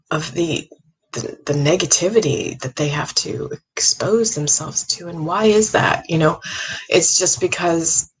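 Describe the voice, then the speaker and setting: A middle-aged woman, a psychic medium, giving an earnest, halting monologue with many restarts. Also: deep voice, fairly bright tone, slightly rough, poor audio. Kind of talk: casual monologue.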